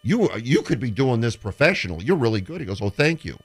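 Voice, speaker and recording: A man's voice: mid-range voice, brisk. A man on a sports talk show, telling stories and acting out the voices of the people in them. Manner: animated storyteller who acts out quotes. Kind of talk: casual radio show chat.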